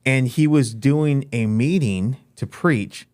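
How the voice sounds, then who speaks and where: A man casually telling a personal faith story, acting out his own lines with lively emphasis. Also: mid-range voice, slow pace, no room sound, clean studio sound.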